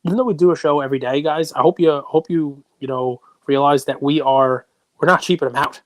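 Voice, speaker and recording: A man co-hosting a sports card podcast in casual, animated chat that rambles on in long runs. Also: on the high side, brisk, no room sound. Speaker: podcast co-host.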